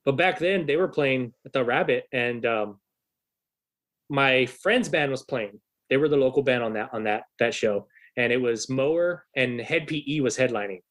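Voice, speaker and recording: This young man, a rock musician guesting on a podcast, rambles through a lengthy, expletive-filled story with plenty of false starts. He speaks at a moderate pace in a mid-range voice with a fairly bright tone.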